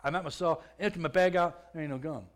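A man with a somewhat high-pitched voice tells his own story as a testimony. He talks plainly and conversationally, stumbling over and repeating words. His voice swells louder at the tense moments. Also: fast. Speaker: speaker giving a testimony.

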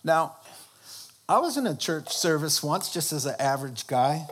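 A man preaching a sermon. He asks the congregation questions and rises into high, emphatic bursts to make his points. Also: big pitch swings, normal speed, slight background noise.

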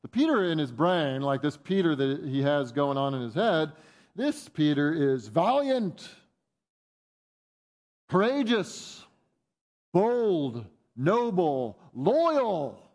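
Preaching in an unhurried way, the pastor stays animated, raising his voice high to mimic the disciples' protests and lowering it gently when he reflects.

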